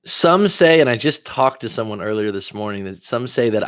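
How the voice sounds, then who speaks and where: A man's voice: lowish voice, expressive, normal speed, fairly bright tone, smooth, dry recording, clean studio sound. A man, a coach, talking casually and reflectively to viewers on a livestream, wandering into asides as he thinks aloud. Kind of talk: livestream monologue.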